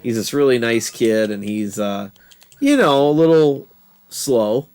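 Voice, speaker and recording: A man's voice: mid-range voice, expressive, measured pace, darkish tone, smooth. A man giving casual gameplay commentary, telling rambling stories with frequent laughter and swearing. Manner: rambling, laughing, profane storytelling. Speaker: gaming channel host.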